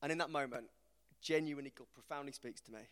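A man, giving an informal, self-deprecating talk to a church group, animated as he tells stories. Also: mid-range voice, fast talker. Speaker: preacher. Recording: reverberant hall.

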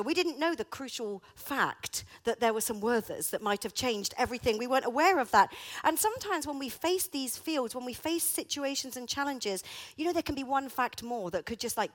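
A middle-aged woman telling a comic story with dramatic flair, then drawing a reflective lesson from it. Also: on the high side. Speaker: speaker. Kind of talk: animated storytelling with a reflective moral.

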